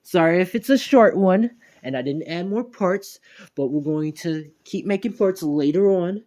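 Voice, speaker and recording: A man loosely retelling a fan story in his own everyday voice. His tone is mellow and a little dark. He rambles along with fillers and the odd chuckle. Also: high-pitched, moderate pace.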